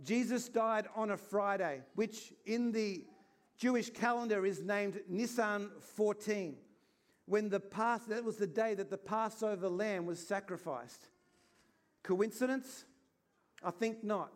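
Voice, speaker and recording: High-voiced earnest preacher. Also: male voice, a little slow. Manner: earnest, conversational preaching with acted-out asides. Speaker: pastor. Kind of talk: Easter sermon.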